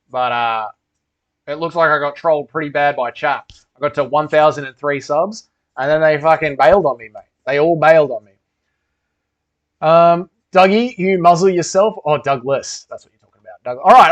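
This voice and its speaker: A man's voice: on the high side, fairly bright tone. A young man hosting a casual livestream Q&A, reading chat aloud and bantering crudely with heavy swearing. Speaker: livestream host. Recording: dull lo-fi stream audio.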